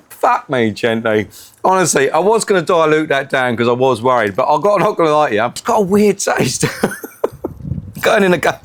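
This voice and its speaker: A man's voice: on the high side, very animated, normal speed, long pauses, a little hiss or hum. A middle-aged man hosting a casual cooking vlog, joking, laughing often and swearing freely. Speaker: home cooking vlogger.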